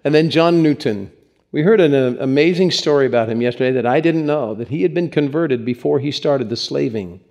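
A man's voice: on the high side, darkish tone. A man preaching as a pastor, telling stories in an earnest, conversational sermon, likely in a church.

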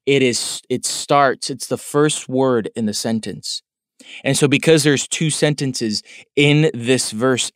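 A man's voice: mid-range voice, no echo, studio quality. A man preaching a sermon in an earnest, questioning way, repeating words for emphasis. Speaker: pastor.

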